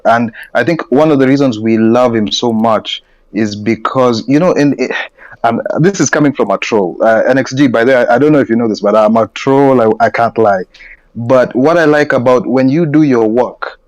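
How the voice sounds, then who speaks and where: Casting: measured male panelist, muffled dry line. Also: mid-range voice, no room sound. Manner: measured, complimentary, joking. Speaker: panel guest. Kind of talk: casual podcast chat.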